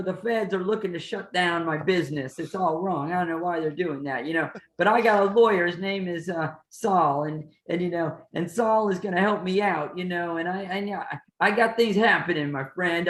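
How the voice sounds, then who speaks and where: A man's voice: sits high, fairly bright tone, roomy sound, voice pushed up. A man voicing a shady small-time businessman who keeps brushing off worries with breezy, overly reassuring talk.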